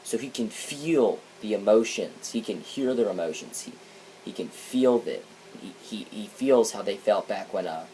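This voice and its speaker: A man's voice: fairly low pitch, animated, moderate pace, warm tone, slight background noise, poor audio. A man giving a casual spoken comic review, rambling and hesitant, often restarting his sentences.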